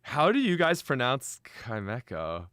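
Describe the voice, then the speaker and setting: Young streamer guy, smooth clear voice, slow easygoing delivery, keeps cracking up, talks to chat. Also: medium pitch, wildly swooping pitch, fairly bright tone, dry recording, studio quality. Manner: giggly, frequent laughter; chatty, addresses chat directly. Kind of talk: casual live-stream chat.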